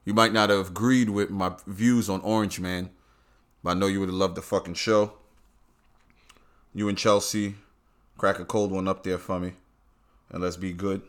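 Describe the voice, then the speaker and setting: Low-pitched and fairly bright in tone, this podcast host from Brooklyn talks with a New York accent at a moderate pace, keeping his intonation fairly even and leaving long pauses. His casual monologue is blunt storytelling, and he swears freely throughout.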